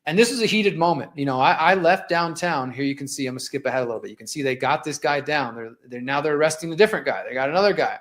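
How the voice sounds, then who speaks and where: Fired-up 40s guy hosting a live show, kinda high voice, talking through clips casually. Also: fast, few pauses, a bit bright. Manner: impassioned, conversational, narrating video clips. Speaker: host. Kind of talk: personal storytelling on a live show.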